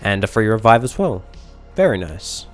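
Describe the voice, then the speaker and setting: A man giving calm, matter-of-fact commentary as he plays a mobile game and opens rewards. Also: lowish voice. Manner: measured, matter-of-fact narration of crystal openings. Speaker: gaming YouTuber. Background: background music.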